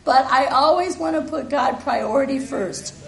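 A woman's voice: high voice, moderate pace, vocal fry, a bit bright. A woman preaching a sermon in a church, earnest and emphatic, with the congregation calling back responses. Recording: echoey room.

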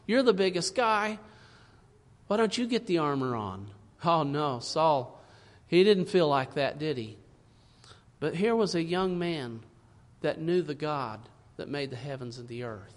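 A man preaching a sermon, reading scripture in old-fashioned wording and swinging between loud emphasis and hushed asides. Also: a little high, lively intonation, measured pace. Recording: long reverb in a large hall.

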